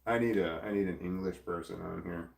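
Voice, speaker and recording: Low-voiced man rambling in a roomy room. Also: a little fast, vocal fry, a little mellow, recorded from a distance. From United States. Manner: rambling, thinking aloud, trailing off and restarting. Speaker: livestream host. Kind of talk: casual live chat reading viewer comments.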